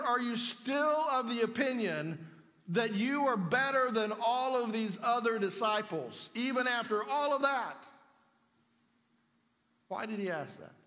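A man's voice: sits high, a bit bright, big-room sound. A man preaching a sermon in a conversational way, asking the congregation rhetorical questions. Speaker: pastor.

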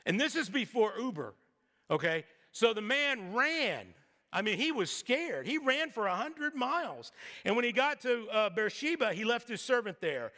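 A man's voice: extremely high pitch, sing-song, normal speed, bright, forceful tone. A middle-aged man preaching a sermon in a casual storytelling way, with jokes and asides. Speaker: pastor. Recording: long hall reverb.

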